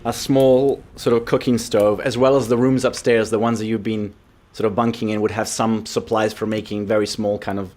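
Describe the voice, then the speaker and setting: A man's voice: on the low side, level tone, normal speed, darkish tone. A man narrating as game master, hesitant with many fillers.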